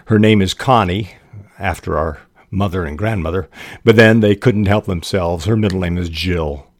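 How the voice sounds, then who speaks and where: An older man hosting a podcast on fiction writing, explaining ideas in an unhurried, thoughtful way and spelling words out letter by letter. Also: low-pitched, no room sound, studio quality. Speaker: podcast host and writing teacher. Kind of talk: instructional podcast monologue.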